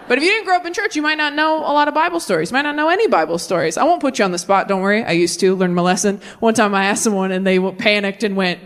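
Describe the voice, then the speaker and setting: A woman in her thirties performing a stand-up comedy set on a theater stage, telling deadpan stories with quick voiced asides into a handheld mic. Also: medium pitch. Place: theater stage before a live audience.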